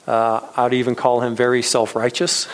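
This pastor in his thirties speaks in a mid-range voice at a normal speed, with a completely flat delivery and poor audio. His sermon is casual and loose, peppered with fillers, false starts and frequent chuckles.

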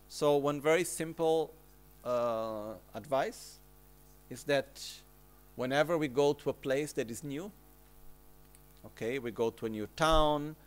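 A man teaching Buddhist practice in a gentle, conversational way, often checking in with his listeners. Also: medium pitch. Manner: gentle, keeps checking in with "okay?" and "no?"; plain conversational explanations with everyday examples. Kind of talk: Dharma teaching commentary.

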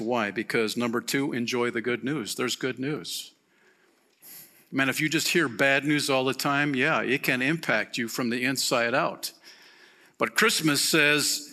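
Pastor preaching a sermon: a man with a bright, forceful voice, slow and emphatic, asking the room questions. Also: medium pitch.

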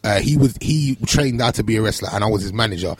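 A man hosting a podcast, talking loudly and emphatically in casual banter. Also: lowish voice, breathy edge, dry recording. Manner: loud, emphatic, quick to argue. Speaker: podcast host and radio presenter.

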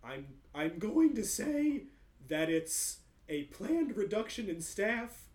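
A man's voice: slow, exaggerated voice. A man voicing a meek male office boss, flustered at first and dazed under hypnosis. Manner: shrill and flustered, then dazed and monotone. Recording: roomy echo.

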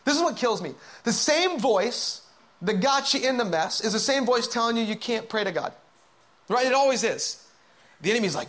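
A man delivers a sermon in a high voice. He swings from loud, urgent calls to hushed, whispered asides as he acts out the doubts of his listeners. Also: lively intonation, fairly quick. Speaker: pastor.

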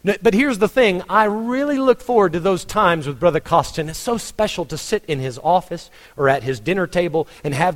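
A high-voiced Texan man preaches a sermon as a pastor in a large hall. His delivery is conversational, full of restarts and rhetorical questions.

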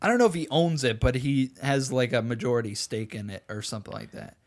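A man's voice: medium pitch, quick pace. A man co-hosting a podcast, tipsy and crude, laughing often through casual chat. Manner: laughs a lot, crude and joking. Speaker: podcast co-host. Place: bedroom.

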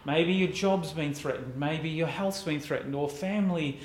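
Pastor preaching in an echoey room. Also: male voice, a little high. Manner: reflective, conversational preaching with pauses. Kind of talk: sermon.

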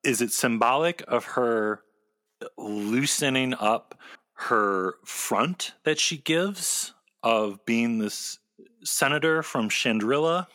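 An animated male podcast co-host talks in quick, excited bursts and laughs often. His voice is bright and forceful. The recording is close and dry, with no room sound. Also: mid-range voice, dry recording. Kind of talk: casual chat recapping a TV episode.

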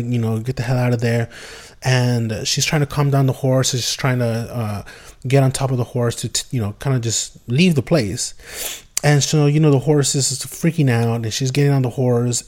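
A man's voice: medium pitch, darkish tone. A man hosting a podcast, telling a spooky story in a loose, rambling way with many fillers and restarts. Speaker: podcast host. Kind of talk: casual storytelling.

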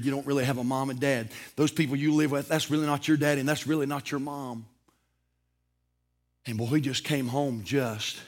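A man preaching a sermon, telling stories with dramatic swings from shouting to whispering. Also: mid-range voice, moderate pace. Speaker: pastor.

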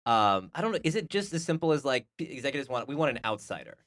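A man in the middle of his range chats loosely about television, wandering through his thoughts and tossing in dry jokes. His voice sits at an ordinary pitch, and his delivery is casual and offhand. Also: sing-song, fast, fairly bright tone. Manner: joking, rambling, dry asides. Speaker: podcast co-host.

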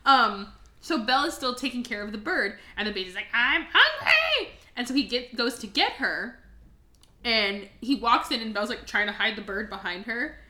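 Bright-voiced woman recapping a movie, echoey. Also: fairly high pitch, a little fast. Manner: animated, profane, playful storytelling. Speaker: podcast host. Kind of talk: casual movie recap chat.

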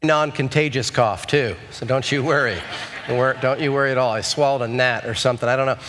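Bright-voiced pastor telling funny stories. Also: male voice, medium pitch, a little fast. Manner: humorous, animated storytelling. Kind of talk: sermon with personal story. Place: church sanctuary. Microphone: handheld or headset mic.

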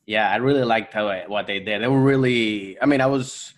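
A man's voice: fairly low pitch, brisk. A man with a Venezuelan accent, a guest comedian and actor chatting casually in a podcast interview, rambling through restarts and fillers.

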